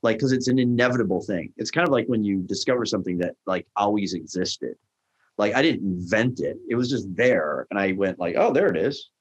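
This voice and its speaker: Lively storytelling middle-aged man. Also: a little fast, dull audio. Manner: acts out quoted dialogue with jumps in pitch. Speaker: restaurant tech founder, guest. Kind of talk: animated storytelling in a podcast interview.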